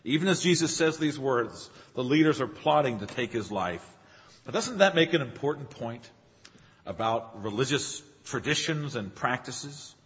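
A man's voice: medium pitch, lively intonation, moderate pace, slight background noise. A man preaching a sermon in an earnest, emphatic way, lifting his voice on key phrases. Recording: long hall reverb, dull lo-fi sound.

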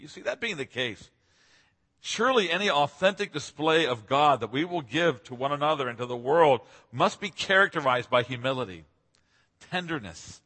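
A man preaches an earnest expository sermon, and his voice lifts to stress key points. His tone is bright but somewhat husky. The sound carries a long reverb, as if from a large hall. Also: mid-range voice. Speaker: pastor.

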